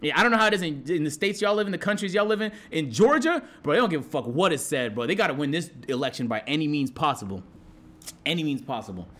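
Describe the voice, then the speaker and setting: A young man streaming live, telling a story to his chat in a profane, excitable way and acting out shouted quotes. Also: a little high, fast.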